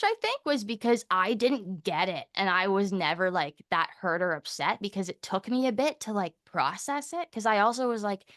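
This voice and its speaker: Recorded with studio quality and no room sound, this young woman from Canada has a fairly low-pitched voice. As a guest in a relaxed interview, she tells stories animatedly in quick bursts, leaning heavily on "like" and performing the dialogue of others.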